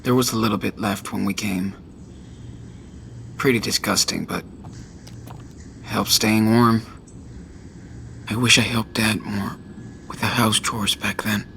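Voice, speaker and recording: A man's voice: on the low side, steady tone, slow, vocal fry, long pauses, sharp tone, a little hiss or hum, exaggerated voice. An actor playing a worn-out teenage boy looking after his little brother, in a muttered, tired inner monologue for a video game. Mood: weary.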